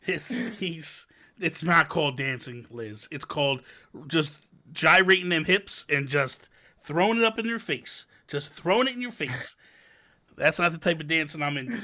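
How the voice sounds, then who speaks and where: A man's voice: fairly high pitch, moderate pace. A man in his thirties hosting a podcast, chatting casually and acting out quotes in his stories. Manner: animated storyteller, acts out quotes. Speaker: podcast host. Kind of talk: casual chat.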